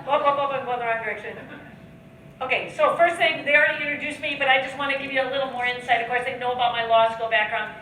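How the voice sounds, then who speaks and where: A woman in her fifties from the United States, slightly high in pitch, who talks and laughs through a seminar to a live crowd. She sounds set back from the mic in a roomy, echoing hall with audience noise behind her. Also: steady tone, fast talker, sharp tone, recorded from a distance. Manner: jokey and chatty, laughing at her own lines. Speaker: guest speaker and trainer.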